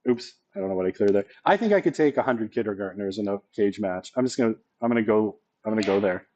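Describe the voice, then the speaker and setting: A man's voice: on the low side, animated, quick pace, mellow. Man lecturing casually, asking "right?". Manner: conversational, often checks in with "right?". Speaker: college sociology instructor.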